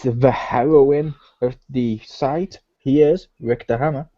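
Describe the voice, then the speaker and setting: A man's voice: mid-range voice, steady tone, takes it slowly, hardly any pauses, mellow, dry recording, lo-fi sound. A man hosting a casual gaming podcast, joking and laughing as he rambles. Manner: jokey, laughs often, rambling. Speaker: podcast host. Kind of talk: casual chat.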